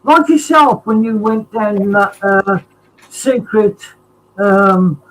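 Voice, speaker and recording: A man's voice: high-pitched, lively intonation, slow, a bit bright, low-quality recording. A man chatting as a guest on a live stream. He rambles and fills his talk with ums and uhs. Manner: rambling with many fillers. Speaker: chat guest. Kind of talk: casual live-stream chat.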